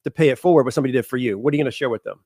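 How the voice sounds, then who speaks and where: A male podcast host with a mid-pitched voice asks direct, probing questions and presses for details. The recording is dry and close, with no room sound. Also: racing, a little mellow, no room sound. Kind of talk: interview podcast.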